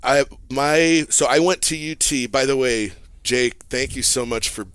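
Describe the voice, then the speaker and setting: A man tells an animated story on a podcast, often laughing mid-sentence. His voice sits at an ordinary middle pitch. He is recorded on a close, dry studio mic. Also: a little slow, smooth, no echo. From Texas. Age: 40s. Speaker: guest, therapist. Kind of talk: casual podcast chat.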